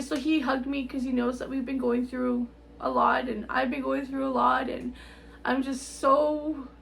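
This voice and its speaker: A middle-aged woman talking straight to camera in a tearful, rambling personal update, halting and repeating herself. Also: high voice, gravelly, a bit bright, a little hiss or hum. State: tearful, on the verge of crying. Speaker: vlogger.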